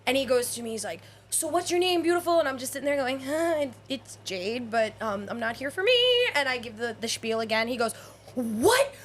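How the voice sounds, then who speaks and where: A woman in her forties co-hosting a podcast, telling animated stories in casual chat, acting out quoted voices, swearing and laughing often. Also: on the high side, a little fast, few pauses, a little hiss or hum. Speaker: podcast co-host.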